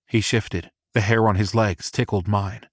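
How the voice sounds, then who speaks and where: A man reading a novel aloud as a first-person audiobook narrator, in a slow and measured way. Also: lowish voice, fairly even intonation, no echo, studio quality.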